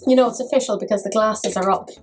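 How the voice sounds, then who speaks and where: A woman's voice: medium pitch, fairly even intonation, quick pace, soft background music, rough recording. A woman chatting casually through a makeup review, full of self-mocking jokes. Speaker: makeup vlogger.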